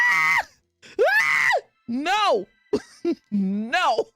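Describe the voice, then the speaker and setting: A woman's voice: high voice, gravelly, dry recording. A woman with a Texan accent and a slight lisp, chatting casually on a live stream and laughing often as she answers her chat.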